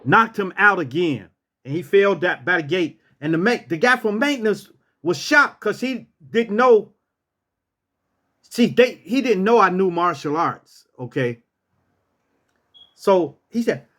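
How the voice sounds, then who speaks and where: Male storyteller, fairly high voice, animated and repetitive, casual vlog delivery. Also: unhurried. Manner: animated, acts out what people said, repeats phrases.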